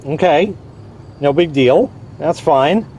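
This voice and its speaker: A man's voice: on the high side, takes it slowly, darkish tone, a little hiss or hum. A man casually vlogging outdoors beside his car, rambling wryly about a broken belt and swearing lightly. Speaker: car owner vlogging a repair. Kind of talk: casual vlog.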